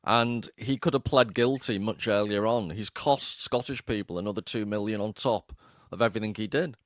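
A man's voice: lowish voice, normal speed, no echo, clean studio sound. A man co-hosting a casual chat in a wry, matter-of-fact way. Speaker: podcast co-host.

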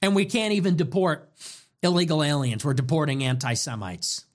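A young man hosting his own show, delivering a heated political monologue with strings of rhetorical questions and some swearing. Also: a little high. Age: young adult. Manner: ranting, rapid-fire rhetorical questions, profane. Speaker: show host.

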